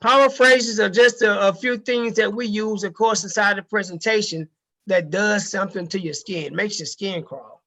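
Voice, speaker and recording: A man's voice: high voice, moderate pace, bright, forceful tone. A man giving a casual sales training talk to a group, emphatic and repeating key phrases, with casual swearing.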